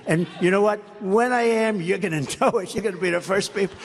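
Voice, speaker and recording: At a rally, a political speaker gives a sarcastic, repetitive speech, rambling from one point to the next. His high-pitched voice runs a little fast with few pauses. A large venue's long reverb and faint background noise color the recording.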